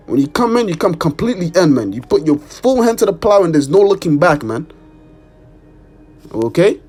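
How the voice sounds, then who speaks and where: A man's voice: fairly high pitch, a little mellow. A man preaching an informal sermon and reading scripture, emphatic, repeating "man" and cursing for emphasis. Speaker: street preacher.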